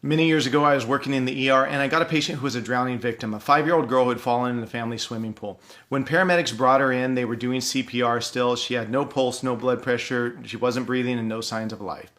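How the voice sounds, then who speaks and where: A man, an ER doctor, earnestly recounting a true story from work in a measured, pausing way. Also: mid-range voice, steady tone, a bit bright. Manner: earnest, measured, pauses for effect. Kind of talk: personal storytelling.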